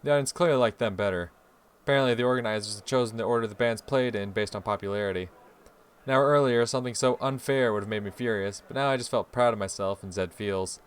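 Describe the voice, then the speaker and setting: A man's voice: lowish voice, quick pace, clear, resonant tone. A man hosting a game playthrough, reading the story aloud expressively with swearing asides. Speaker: let's play host.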